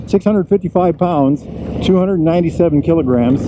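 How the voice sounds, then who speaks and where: A man's voice: a little high, moderate pace, noisy background. Older man gushing over a motorcycle. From United States. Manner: enthusiastic, gushing, repeats praise. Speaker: motorcycle reviewer. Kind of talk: casual review walk-around. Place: outdoors at a motorcycle dealership lot.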